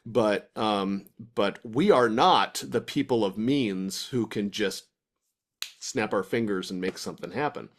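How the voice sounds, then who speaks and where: A man's voice: on the low side, a little slow. A man co-hosting a podcast over a video call, chatting casually and thinking aloud with restarts. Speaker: podcast co-host. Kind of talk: casual chat.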